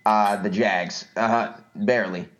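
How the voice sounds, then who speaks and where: A man's voice: lowish voice, fairly even intonation, unhurried. A man co-hosting a sports podcast, speaking hesitantly with many fillers. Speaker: podcast co-host. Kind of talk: casual sports chat. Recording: dull lo-fi audio.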